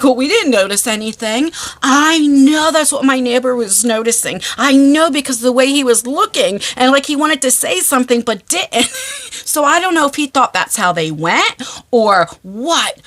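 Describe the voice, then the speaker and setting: A woman talks straight to her phone camera from a parked car, telling a storytime vlog. Her voice sits high and sounds bright and crisp, and it swings widely in pitch. She keeps laughing and breaks into high squeals as she tells her story. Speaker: vlogger. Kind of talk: casual storytime chat.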